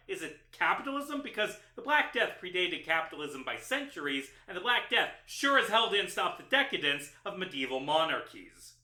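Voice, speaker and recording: A man's voice: fairly high pitch, sharp tone, roomy sound. A man narrating a sarcastic video essay, exasperated and mocking as he picks apart a film.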